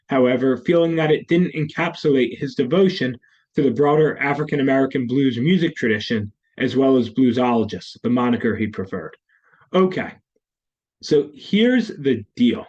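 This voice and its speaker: A male tutor at an ordinary pitch explains grammar questions one by one. He repeats his key terms and sometimes restarts a phrase. The audio sounds a little dull and lo-fi. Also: expressive, normal speed, darkish tone. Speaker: test prep teacher. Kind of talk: screen-recorded lesson walkthrough.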